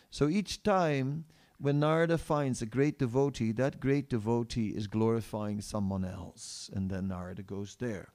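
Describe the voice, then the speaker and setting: A male preacher telling a devotional story in a sermon, acting out the characters' lines with rising pitch and repeating phrases for emphasis. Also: darkish tone. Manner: many restarts and fillers, repeats phrases for emphasis.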